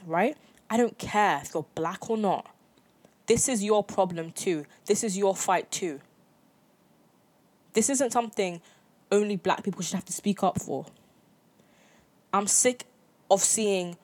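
A young adult woman hosting her own podcast, giving an impassioned opinion monologue full of emphatic repetition. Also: mid-range voice. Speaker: podcast host.

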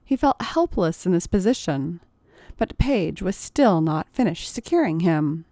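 A woman narrating an audiobook in a measured, expressive reading. Her voice sits low, with a lively pitch, and she takes her time. The recording is dry and close-miked. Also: no echo.

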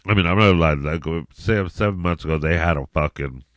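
A man's voice: low voice, quick pace, dry recording, studio quality. A man hosting a solo podcast in a rambling, profane rant, with many restarts and repeated "you know what I mean". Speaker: podcast host.

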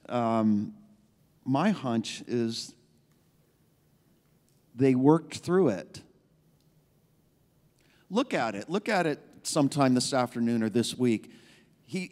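A man's voice: on the high side, expressive, slow, pauses often. A male pastor preaching a sermon in a conversational, emphatic way, repeating key phrases. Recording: long reverb of a large hall.

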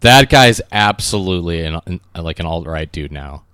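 Man, podcast co-host, casual banter, very low pitch, smooth dry sound. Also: expressive, normal speed, a bit bright, dry recording. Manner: joking banter, trailing fillers. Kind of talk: casual comedic chat.

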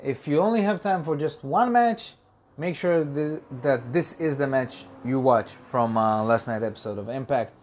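A man's voice: mid-range voice, moderate pace, darkish tone, slight background noise. A man hosting a solo podcast, talking loosely with lots of ums and uhs and repeating words as he corrects himself. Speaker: podcast host. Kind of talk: casual solo podcast review.

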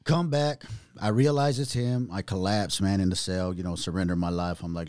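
A man sharing his own testimony in casual chat, animated, using street slang and acting out other people's voices. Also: sits low, moderate pace, no echo.

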